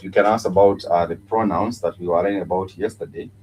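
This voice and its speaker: A man with a very low, deep voice teaches a live-streamed Swahili lesson. He talks in halting bits full of "uh", repeating each word slowly so learners can follow. A faint hiss of noise sits under the recording. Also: steady tone, a little mellow, low-quality recording.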